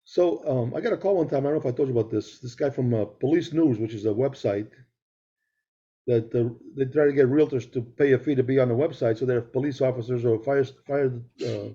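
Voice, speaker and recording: A middle-aged man with a mid-range, dark voice co-hosts a podcast over a video call. He jokes and rambles through stories in casual chat, and the call audio sounds dull and lo-fi.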